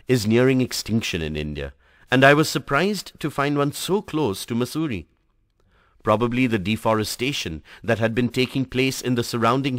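A man teaching a class by reading a textbook story aloud in an expressive storytelling manner. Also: medium pitch, dry recording, studio quality. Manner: dramatic, varied storytelling delivery. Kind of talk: expressive read-aloud narration.

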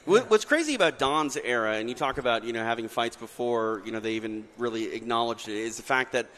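A man's voice: mid-range voice, lively intonation, quick pace, fairly bright tone, big-room sound. A man hosting a live talk show, easygoing and chatty with many fillers. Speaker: host. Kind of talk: casual chat.

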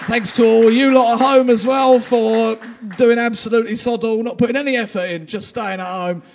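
A man's voice: very high voice, fairly even intonation, normal speed, slight background noise. A man doing a stand-up comedy set in a live venue, trading crude, self-deprecating banter with the crowd.

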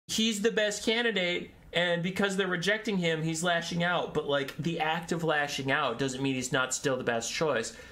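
A man's voice: medium pitch, a bit bright. A young man in a casual, exasperated lore rant, sarcastic and swearing often. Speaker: lore video creator.

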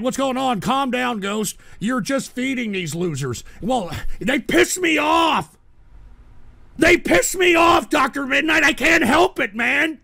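Man, sick, livestream host, high gravelly voice, wildly swinging pitch, dry close sound. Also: dry recording. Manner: exasperated, shouts at trolls, swears. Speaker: livestream talk show host. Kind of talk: casual livestream rant.

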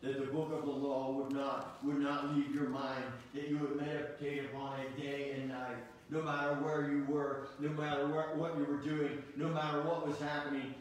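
A middle-aged man preaching a sermon as pastor, earnest, asking rhetorical questions and often restarting his phrases. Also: on the high side. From United States. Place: church sanctuary. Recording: echoey church hall, distant mic, faint noise.

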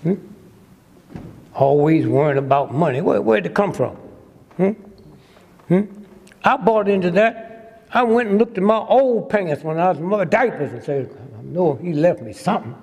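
A man's voice: sits high, lively intonation, normal speed, pauses often, darkish tone. An older man giving a humorous lecture to a live audience, sly and teasing, constantly prodding the crowd with "hmm?". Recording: long hall reverb.

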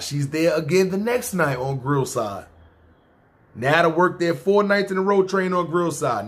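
This is a New man who narrates his own life to camera. He speaks in loose street slang and keeps checking in with "see what I'm saying." His voice sits a bit higher than most men's. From New York. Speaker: YouTube storyteller. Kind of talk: casual personal storytelling.

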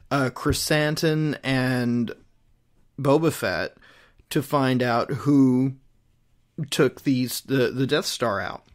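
A man chats casually about a comic book storyline, rambling and circling back with fillers. He speaks slowly in a mid-range voice, taking his time with every thought. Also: mid-range voice. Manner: rambling, with many fillers and restarts. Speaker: host retelling a comic storyline. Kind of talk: casual chat.

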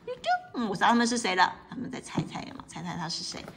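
A woman reading a picture book aloud to a child, explaining the pictures in a lively way, often laughing and asking questions. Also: lowish voice, rapid-fire, creaky. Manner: lively, asks a child questions, mixes in English.

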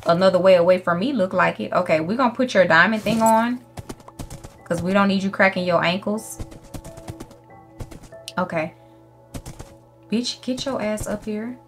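A woman's voice: fairly low pitch, moderate pace, long pauses, soft background music. A young woman giving casual gameplay commentary, brash and profane, scolding the animals in her game. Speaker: gaming YouTuber.

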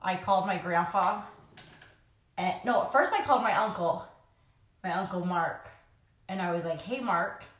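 Young mom vlogger, chatty and rambling, a little low-voiced, filmed on a phone in an echoey room. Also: female voice, moderate pace, long pauses. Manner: chatty, rambling, laughs often. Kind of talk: casual chat while doing makeup.

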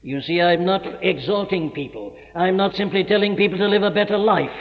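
Brief: emphatic male preacher, fairly high voice, long hall reverb. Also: brisk. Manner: emphatic, rhetorical repetition. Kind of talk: sermon. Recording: dull echoey hall recording.

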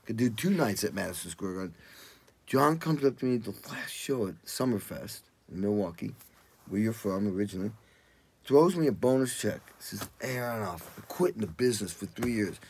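An older man with a slightly husky voice tells road stories with lots of energy. He jumps into loud, high voices when he acts out what people said. The sound is close and dry, with no room around it. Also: animated, brisk, dry recording. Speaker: guest drummer telling stories. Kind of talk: casual interview storytelling.

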